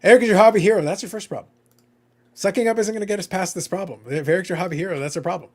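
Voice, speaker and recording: A man's voice: high-pitched, racing. A man hosting a casual hobby livestream, teasing his guests in a playful, mock-bossy way. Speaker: livestream host.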